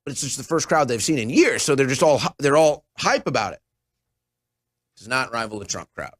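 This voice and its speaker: A man in his thirties hosts a political talk show, his pitch swinging widely as he mocks and jokes. His tone is sarcastic and animated, and the sound is dry and close. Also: fairly quick, no room sound. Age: 30s. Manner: sarcastic, mocking, animated mimicry. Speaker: show host.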